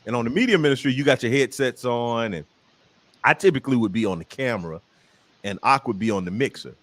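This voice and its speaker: A man's voice: mid-range voice, fast, no room sound. A man with a Southern American accent, a comedian telling jokey stories as a guest in a casual interview chat. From Southern United States. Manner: animated storyteller, jokey.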